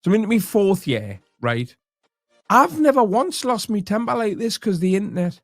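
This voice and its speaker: A man with a slightly raised pitch talks through a comedy reaction video in wry, chatty asides. His voice sounds dry and close, with no room around it. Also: big pitch swings, moderate pace, a bit bright, no room sound, faint music behind. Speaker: commentary host.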